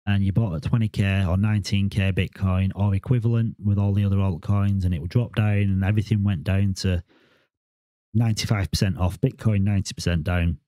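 A man in his forties rambles through a casual vlog monologue, stumbling over repeated words. His voice sits fairly low, with a warm, mellow tone. The sound is close and dry. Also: steady tone, a little fast, no room sound. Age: 40s. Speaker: crypto vlogger.

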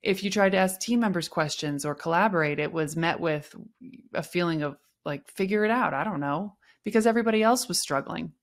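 A woman's voice: fairly low pitch, fairly quick. A young adult woman hosting a podcast, telling a personal work story and acting out the quoted dialogue with shifting tones. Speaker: podcast host.

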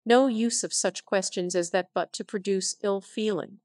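A woman reading the lines of a calm, sensible male country doctor who speaks in a measured, reasonable way. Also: medium pitch, no room sound, studio quality, lightly acted.

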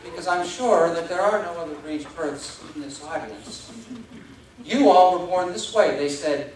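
Animated man telling a comic speech in an echoey hall. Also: on the high side, measured pace. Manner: animated, self-mocking storytelling. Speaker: contest speaker. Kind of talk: humorous contest speech. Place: large hall with a live audience. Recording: echoey hall, distant mic, audience laughter.

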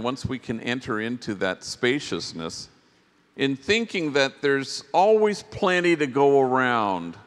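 A priest giving a reflective storytelling talk to a conference audience, unhurried, with long pauses between phrases. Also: male voice, medium pitch, fairly bright tone. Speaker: priest and speaker. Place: large conference hall. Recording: long reverb of a big hall.

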